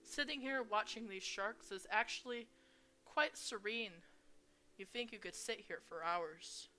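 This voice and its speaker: A woman's voice: medium pitch, pushed and bright. A young woman reading a visual novel aloud and adding crude asides. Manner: reads slowly, with crude asides. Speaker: gamer.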